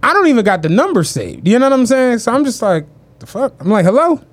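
Animated storytelling man, lively pitch. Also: quick pace. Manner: animated anecdote-telling, acts out quoted voices, slangy. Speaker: podcast co-host. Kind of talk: casual podcast chat, storytelling.

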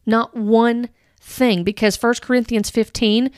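A woman's voice: a little high, level tone, measured pace, clean tone, no echo, clean studio sound. A woman giving earnest commentary on a religious teaching, reading quotes aloud and rebutting them point by point. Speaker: Christian commentator.

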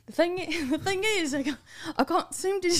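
A woman joins a casual podcast chat. Her voice is high. She giggles a lot and sounds self-conscious. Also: unhurried. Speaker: guest.

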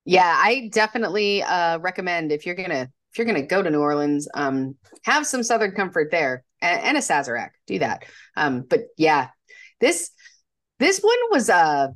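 A woman with a lowish voice co-hosts a casual podcast. Her pitch swings widely as she talks, and she jokes at her own expense. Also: moderate pace. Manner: animated, chatty, self-deprecating. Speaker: podcast co-host. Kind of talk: casual chat.

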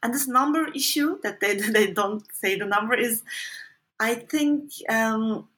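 With a slightly high, slightly bright voice and a somewhat slow pace, a woman guest who writes and does research answers an interviewer. She's hesitant and reflective, her speech peppered with fillers and false starts.

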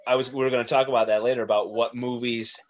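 A man's voice: medium pitch, little pitch movement, fast, a little hiss or hum. Man hosting, rambling through his questions. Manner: rambling, self-correcting when asking questions. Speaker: podcast host. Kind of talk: casual panel chat.

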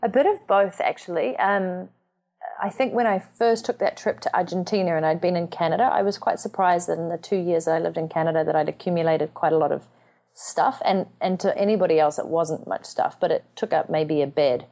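Chatty, lower-pitched woman guest. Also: a little fast, vocal fry. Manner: chatty and animated, with lively acted quotes. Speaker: podcast guest. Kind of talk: casual conversational interview.

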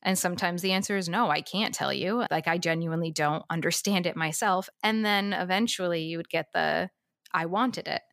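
A woman with a fairly low voice talks through a classroom story in a calm, matter-of-fact way, as a teacher would. The sound is dry and close, with no room around it. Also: moderate pace, creaky, no echo. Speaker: Montessori teacher and podcast co-host. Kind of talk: casual podcast discussion.

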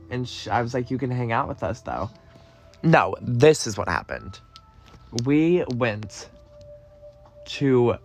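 A young man telling a story in a casual, gossipy way, swearing and dramatic. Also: medium pitch. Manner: gossipy, profane, dramatic retelling. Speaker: podcast host.

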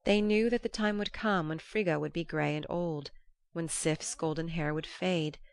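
A woman narrating an old-fashioned storybook in a measured, storytelling manner. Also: low voice, steady tone, clear, resonant tone. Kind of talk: storybook reading.

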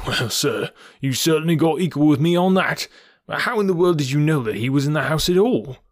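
A man's voice: on the high side, lively intonation, brisk, no echo, studio quality, pitched above the performer's own voice, natural voice. A man voicing an angry, indignant police inspector in a Victorian detective audiobook. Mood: grudging. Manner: loud, indignant, exasperated.

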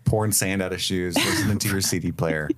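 A man co-hosting a casual podcast, recapping episodes in an animated way and acting out characters' lines. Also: sits low, fairly quick, crowd noise. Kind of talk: casual chat.

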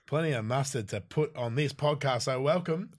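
A man's voice: medium pitch, moderate pace. A man hosting a podcast in casual chat, rambling and joking with his co-hosts. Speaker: podcast host.

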